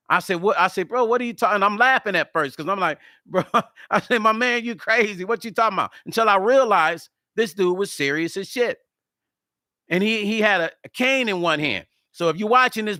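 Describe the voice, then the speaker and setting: A man vlogging to camera, telling a story in a casual, animated way, acting out the quoted lines and swearing freely. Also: high-pitched, no echo, clean studio sound. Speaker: music vlogger.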